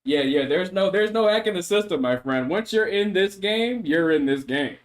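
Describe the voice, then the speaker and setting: Male streamer, animated and mock-solemn into his mic, slightly high voice. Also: moderate pace. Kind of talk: casual livestream chat. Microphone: microphone.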